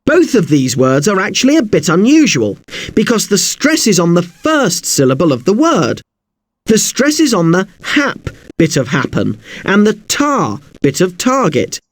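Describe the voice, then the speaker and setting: Slow, lively-pitched male English teacher. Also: dry recording. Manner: spells words out letter by letter, slow and deliberate. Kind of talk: spelling lesson.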